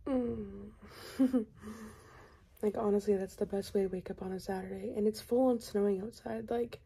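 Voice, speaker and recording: A woman's voice: medium pitch, a little mellow. A young adult woman vlogging casually into a handheld phone, rambling with lots of "like" and "um". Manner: rambling, fillers like "like" and "um". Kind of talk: casual chatty vlog. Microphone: handheld phone at arm's length.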